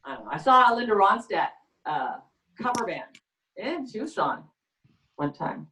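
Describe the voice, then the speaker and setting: A woman doing a stand-up comedy set with a rambling, halting deadpan delivery, often trailing off and restarting. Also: medium pitch. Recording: echoey room, far from the mic.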